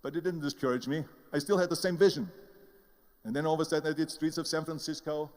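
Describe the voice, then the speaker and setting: A man's voice: fairly high pitch, fairly even intonation, fast talker, in a large hall. An older man with an Austrian German accent giving an emphatic motivational speech, telling his story and acting out the voices of the people in it. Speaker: motivational speaker.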